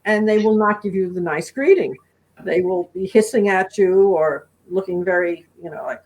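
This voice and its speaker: A middle-aged woman answering interview questions in a rambling, warm way, often acting out her animals' voices. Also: medium pitch, very animated, unhurried, low-quality recording. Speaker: guest speaker.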